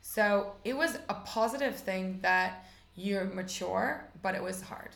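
An American woman in her forties talks in a chatty, upbeat way, full of "like" and "you know". Her mid-pitched voice has a gravelly, creaky texture. The sound is echoey, as if from a reverberant room. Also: a little slow, a bit bright. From United States. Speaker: interview guest, rabbi's wife. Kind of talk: casual conversational interview.

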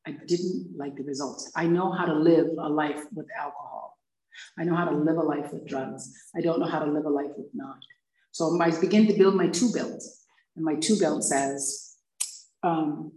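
A woman in her fifties from Hawaii, sharing her recovery story with a group and acting out the dialogue as she tells it. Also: lowish voice. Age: 50s. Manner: lively storyteller acting out dialogue, laughing often. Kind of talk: personal testimony to a group. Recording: echoey room, far from the mic.

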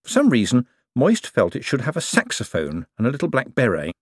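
Male audiobook narrator, animated comic reading, close dry studio sound. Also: medium pitch, a little fast, slightly rough, no room sound. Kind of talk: scripted narration.

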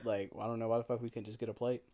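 A young man co-hosting a casual podcast, spinning stories with loose, profane energy and laughing often. His voice sits at an ordinary middle pitch. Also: level tone, rapid-fire, dark tone. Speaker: podcast co-host. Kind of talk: casual storytelling chat.

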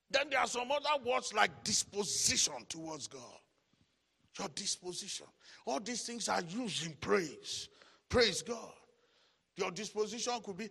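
Raspy, bright-voiced preacher man in a hall. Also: high voice, lively intonation, moderate pace. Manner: chanting call-and-response, shouted declarations. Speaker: pastor. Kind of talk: sermon.

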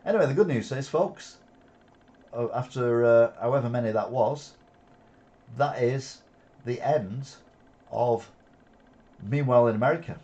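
A man from Wigan, England, with a Lancashire accent hosts an alternative news show, reading headlines and tossing in sarcastic off-the-cuff remarks with frequent fillers. His mid-range voice is mellow and unhurried, with frequent pauses, on a muffled recording.

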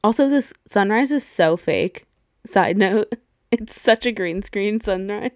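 Speaking slowly and expressively at a medium pitch, a woman in her thirties recaps a movie as a podcast co-host in a casual rewatch chat. Frequent laughs, swearing, and performed quotes fill the clean studio audio, which has no room sound.

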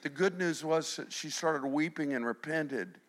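A middle-aged man preaching a sermon, animated, swinging between loud emphasis and hushed passages. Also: fairly high pitch, measured pace. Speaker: pastor.

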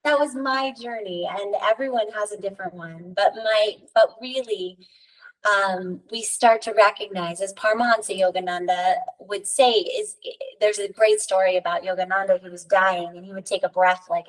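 A woman talks through spiritual ideas as a podcast guest, earnest and rambling into stories. Her voice sits at an ordinary pitch and sounds a little back from the microphone. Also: moderate pace, distant mic, rough recording. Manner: earnest, storytelling, many fillers like "right?" and "you know". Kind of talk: casual spiritual conversation.

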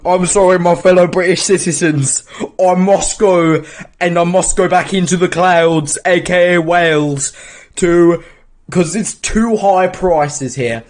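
A man voicing a jokey, cheerful British Jesus who makes loud, slang-heavy proclamations. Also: high voice, steady tone, a little slow, pitched above the performer's own voice. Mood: proclaiming.

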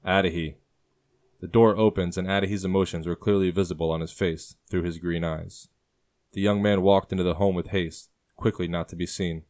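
A man narrating a historical story in a measured, even way. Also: sits low. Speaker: audiobook narrator. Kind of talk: scripted narration.

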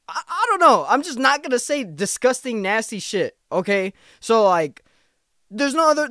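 Young man, twenties, podcast host, slangy, swears a lot, rambling jokes, smooth voice, dry sound. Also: very high-pitched, pushed and bright, dry recording. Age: 20s. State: tired from little sleep. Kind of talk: casual podcast monologue.

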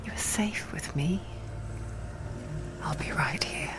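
A man voicing a soothing inner narrator as whispered role-play, speaking slowly in a close whisper. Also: on the high side, voice pushed up.

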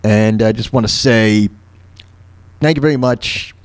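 A man's voice: on the low side, unhurried, clean tone. A man hosting an internet radio show and giving a heartfelt on-air thank-you. He is emotional, and his speech halts and stammers, full of fillers and restarts.

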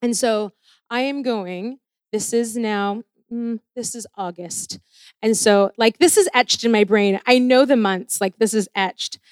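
A woman shares a personal testimony in a lively, self-deprecating way and acts out the people in her story. Her voice sits fairly high, and she takes her time. The sound is dry, with no room echo. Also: unhurried, clean tone. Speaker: speaker sharing a personal testimony.

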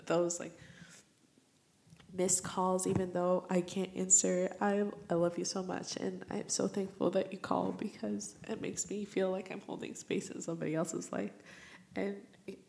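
A young woman hosts her own podcast, speaking alone in a casual, heartfelt way. Her voice sits a little low and carries a gravelly fry. She rambles and reflects as she goes. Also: little pitch movement, a little slow, a little mellow. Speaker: podcast host. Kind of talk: casual solo podcast monologue.

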